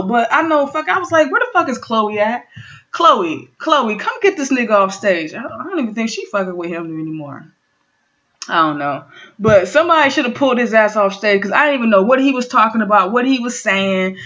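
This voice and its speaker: Woman in her thirties, profane excitable rant, bright edgy tone, dull lo-fi sound. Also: fairly high pitch, a little fast. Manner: profane, excitable, talking straight to viewers. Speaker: vlogger. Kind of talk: casual rant recapping an awards show. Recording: dull lo-fi home recording.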